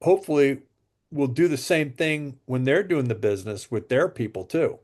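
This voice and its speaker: A man's voice: medium pitch, moderate pace. A man guest in a casual interview, telling sales stories and acting out what people said. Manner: animated storyteller acting out quotes. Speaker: interview guest, water machine seller.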